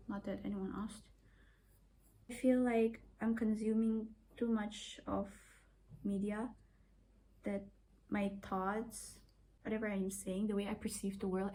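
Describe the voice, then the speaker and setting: A woman's voice: medium pitch, warm tone, slight background noise. Rambling woman in her twenties with a mixed British-Australian accent. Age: 20s. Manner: rambling, self-deprecating, trails off. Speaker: vlogger. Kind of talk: casual rambling vlog.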